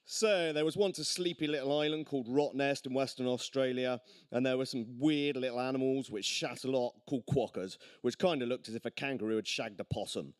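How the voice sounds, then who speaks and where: A man reading his own crude comic horror story aloud at a live storytelling night, gleeful and deadpan about the gore. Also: mid-range voice, fairly quick, dry recording, studio quality.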